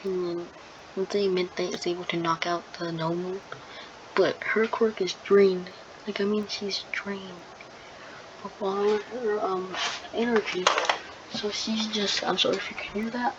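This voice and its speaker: Woman storyteller, slow, rambling, filler-heavy improvised retelling; dull lo-fi take with loud noise behind. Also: mid-range voice, little pitch movement. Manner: rambling, full of ums and likes, restarts. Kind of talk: improvised fan-fiction retelling.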